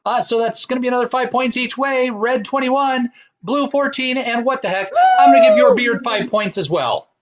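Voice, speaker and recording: Guy reading out scores, really high lively voice, dull lo-fi sound. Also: normal speed. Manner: playful, wisecracking. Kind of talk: quick score announcements.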